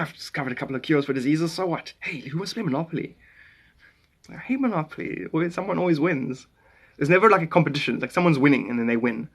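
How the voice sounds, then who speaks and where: A man's voice: a little high, slightly rough. A man chatting casually on a phone live stream, rambling, chuckling and answering viewers' comments, with playful attempts at German phrases.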